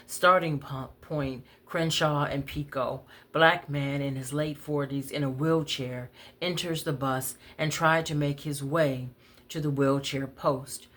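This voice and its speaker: A woman's voice: sits low, a bit bright. Wry conversational woman storyteller. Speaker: poet, storyteller. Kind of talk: spoken-word story reading.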